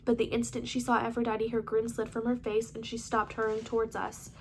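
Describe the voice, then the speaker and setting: A woman's voice: on the high side, monotone, brisk, slight background noise. A woman hosting her channel, reading a novel aloud with small slips and restarts. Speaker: book reader, channel host. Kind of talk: casual audiobook reading.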